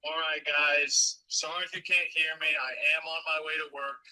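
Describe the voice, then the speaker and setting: A man's voice: fairly high pitch, fairly even intonation, moderate pace, bright, forceful tone, poor audio. A man leaving an easygoing voice note on his way to work, sometimes searching for words. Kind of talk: casual voice message.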